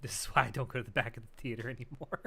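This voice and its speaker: A man in a casual podcast chat, relaxed and quick to laugh. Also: mid-range voice, vocal fry, breathy edge.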